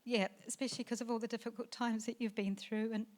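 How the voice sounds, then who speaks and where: A woman's voice: on the high side, little pitch movement. Emotional mother of the bride speaking. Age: middle-aged. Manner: emotional, tearful at times, laughing through the speech; halting, with many fillers and restarts. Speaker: mother of the bride giving a speech. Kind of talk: wedding reception speech. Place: wedding reception venue, indoors.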